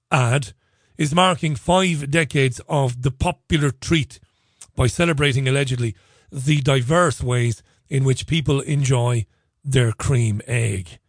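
A man's voice: medium pitch, dry recording, clean studio sound. A man hosting a radio show, talking in a chatty, sarcastic, jokey way between stories and listener tweets. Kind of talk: opinionated radio monologue.

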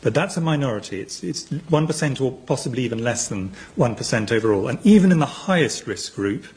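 A man explains figures in an earnest, measured way, his voice sitting at a middling pitch. He stays steady and careful as he lays out his point. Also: poor audio.

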